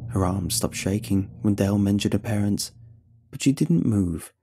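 A man narrating a scripted horror story in a tense, measured way. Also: on the low side, warm tone, slightly rough.

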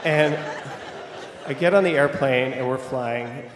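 A young man telling a personal story live on stage, animated and vivid, building to excited outbursts. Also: medium pitch, takes it slowly, crowd noise, background noise. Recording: echoey hall with long reverb.

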